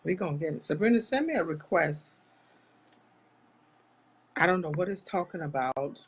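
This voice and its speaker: A woman's voice: fairly low pitch, animated, moderate pace, husky. A woman hosting a live online talk show, speaking straight to her viewers in an impassioned, churchy way. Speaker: live-stream host. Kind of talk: casual live chat.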